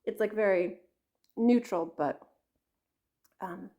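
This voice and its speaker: A woman's voice: medium pitch, slow, dark tone. A middle-aged woman from Canada chatting casually to camera about her craft projects, rambling with lots of fillers, asides and self-interruptions. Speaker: craft vlogger.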